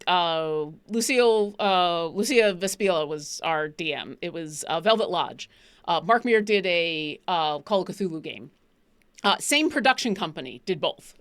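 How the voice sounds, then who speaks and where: A woman's voice: lowish voice, a bit bright, clean tone. Rambling woman with many ums. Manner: rambling, many fillers and restarts. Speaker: actor and player on a tabletop show. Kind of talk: casual chat.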